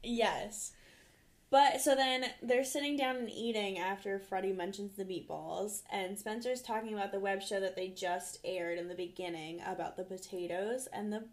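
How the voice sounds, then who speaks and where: A young woman co-hosting a casual podcast chat, telling stories in a chatty way full of "like" and frequent laughter. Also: medium pitch. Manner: chatty, laughing, filler-heavy storytelling. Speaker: podcast co-host.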